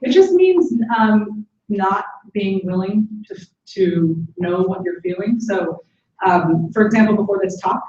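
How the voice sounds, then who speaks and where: A young woman speaker answering audience questions, animated, acting out quoted voices. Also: mid-range voice, a little slow, a little hiss or hum. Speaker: conference speaker. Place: large echoey conference hall. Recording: echoey hall, distant, dull lo-fi.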